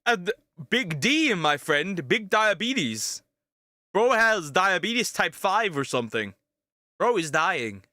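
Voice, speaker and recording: Young male reaction streamer, crude and jokey, bright and dry. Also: high voice, big pitch swings, takes it slowly, dry recording. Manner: crude, joking, restarts, bursts of yelling. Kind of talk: casual reaction commentary.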